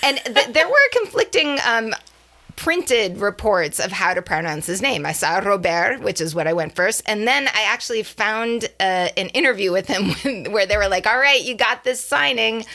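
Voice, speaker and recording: A woman co-hosts a podcast in an easy, chatty way, laughing often and correcting herself as she goes. Her voice has a bright edge with a gravelly fry. She sits at a middle pitch. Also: animated, moderate pace. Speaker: podcast co-host. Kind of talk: casual chat about baseball.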